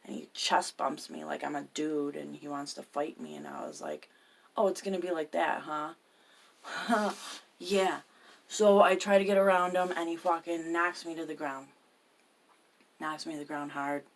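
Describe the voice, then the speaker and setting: Woman with a deep, rough voice, angrily recounting a run-in, cursing freely and sometimes whispering. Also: normal speed. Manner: agitated, swears constantly, drops into whispers. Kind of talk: profane personal storytelling.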